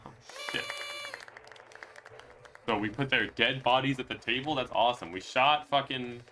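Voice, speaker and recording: A man giving loose, excitable commentary as he plays a story game, swearing freely and reacting out loud. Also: medium pitch, normal speed, a faint crowd, slight background noise. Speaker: gaming streamer. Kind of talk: casual let's-play commentary.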